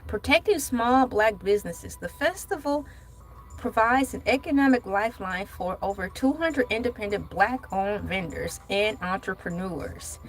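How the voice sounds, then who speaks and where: Slow, lively woman vlog host. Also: mid-range voice, rough recording. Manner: playful, joking asides while reading news aloud. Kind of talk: casual news commentary vlog.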